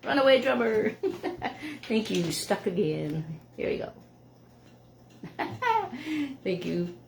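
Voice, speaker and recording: A tired woman from Canada, chatting casually between songs as host of a music show, laughing easily and sometimes hushing her voice. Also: fairly low pitch, very slow, gravelly, noisy background. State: tired from lack of sleep. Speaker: musician hosting a live show.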